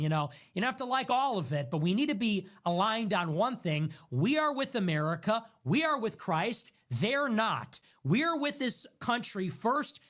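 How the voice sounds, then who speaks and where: Man, political commentary rant, emphatic, accusatory, very lively pitch.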